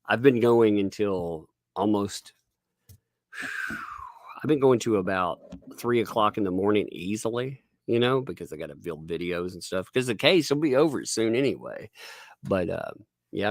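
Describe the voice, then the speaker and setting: A man's voice: on the low side, expressive, moderate pace, no echo, clean studio sound. A man hosting a casual livestream, rambling and laughing as he thanks viewers and reads chat. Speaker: livestream host.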